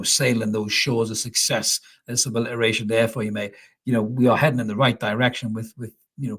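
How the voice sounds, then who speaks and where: A man with a Geordie accent talks through a live reaction stream from his house, reading out viewer comments. His voice is husky and sits at an ordinary middle pitch. He swears freely and doubles his words for emphasis. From North East England. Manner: swears freely and repeats himself. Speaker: fan channel host reading comments. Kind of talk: live post-match reaction chat. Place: at home, indoors.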